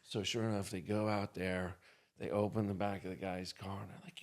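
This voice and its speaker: A man telling an anecdote as a podcast guest, animated and acting out the people in his story. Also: low voice, moderate pace.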